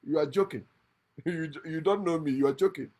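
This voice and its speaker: Man hosting his own channel, emphatic lecturing monologue, raised pitch, bursts of laughter. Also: fairly quick. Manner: emphatic, lecturing, swings from loud outbursts to quiet asides; laughs often mid-speech. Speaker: channel host. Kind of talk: impassioned monologue against religion. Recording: lives in America.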